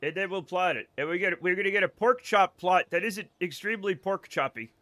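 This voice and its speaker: A man's voice: high voice, fairly quick, sharp tone, dry recording. A man with a faded Boston accent, joking and swearing through casual gameplay commentary on a live stream and laughing often. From Boston area.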